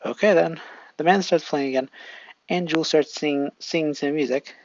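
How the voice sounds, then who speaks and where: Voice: medium pitch, fairly even intonation, brisk, highs cut off. A storyteller reading a fan story aloud casually, rambling and stopping to fix slips.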